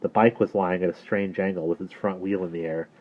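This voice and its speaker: A man reading a children's novel aloud in a steady, measured storytelling voice, recorded with a narrow phone-like sound. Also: low voice. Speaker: narrator.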